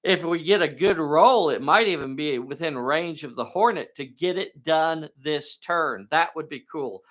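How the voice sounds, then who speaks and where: A man's voice: fairly high pitch, a little slow, few pauses, a bit bright. A man hosting and narrating a live tabletop game in a folksy, enthusiastic way, talking to viewers. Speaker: game master and host.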